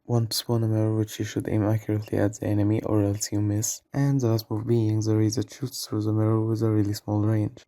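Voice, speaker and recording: Flat-voiced man ranking game characters. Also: fairly low pitch, no echo. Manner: self-deprecating, apologetic asides. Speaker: gaming video creator. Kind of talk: game tier-list commentary.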